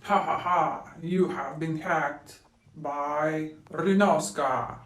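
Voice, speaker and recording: A woman's voice: low-pitched, drawn-out words, echoey room. A performer voicing a sneaky female hacker villain who cackles and talks smugly, played back from a distance.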